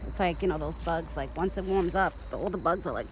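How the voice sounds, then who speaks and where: A woman's voice: fairly low pitch, quick pace, a little hiss or hum, poor audio. A young woman chatting casually to her phone camera outdoors in a rural yard while she feeds a deer, rambling and talking fondly to the animal. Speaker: vlogger feeding a backyard deer. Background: insects and countryside ambience.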